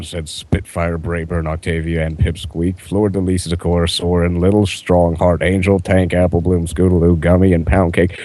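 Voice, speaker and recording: A man reading absurd fan fiction aloud in a mostly deadpan way, often cracking up. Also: low-pitched, normal speed, hardly any pauses, no room sound. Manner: deadpan delivery breaking into laughter. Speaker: reader.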